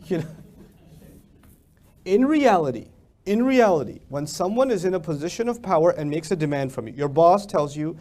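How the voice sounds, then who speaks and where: Man, high-pitched voice, preacher, religious lecture, emphatic, rhetorical questions. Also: lively intonation, moderate pace, warm tone. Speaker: Islamic preacher.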